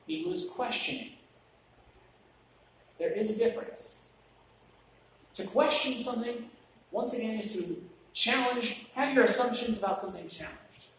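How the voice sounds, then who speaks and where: A man's voice: high voice, a little hiss or hum. Male preacher, conversational sermon, joking asides, cavernous church echo, heard from a distance. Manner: chatty, with joking asides and restarts. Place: church sanctuary. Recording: very echoey church room, mic at a distance.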